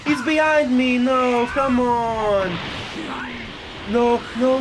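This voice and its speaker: A man doing let's play commentary, frustrated and swearing often, with loud outbursts. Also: extremely high pitch, expressive, drawn-out words, long pauses. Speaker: gaming video creator. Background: game music.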